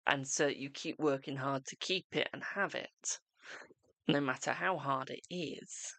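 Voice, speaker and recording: Chatty tarot streamer, gravelly voice. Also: mid-range voice, unhurried, fairly bright tone, no room sound. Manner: chatty, reassuring, calls viewers darling. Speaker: tarot reader and live streamer. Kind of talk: live stream tarot reading.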